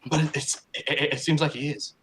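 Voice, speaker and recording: A man's voice: on the high side, flat delivery, fairly quick, a bit bright, slight background noise, rough recording. A man narrating as game master of a tabletop game, stammering and restarting often. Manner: stammering, many repeated starts.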